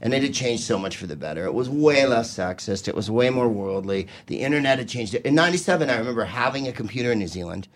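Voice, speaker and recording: A man's voice: medium pitch, expressive, fast talker, few pauses. A man from California telling loose stories in casual podcast chat, laughing often.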